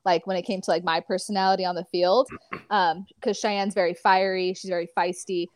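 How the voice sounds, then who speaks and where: A woman in her twenties from California, an athlete chatting casually as an interview guest, talking in animated stories full of fillers. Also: on the low side, fairly quick, no room sound, studio quality.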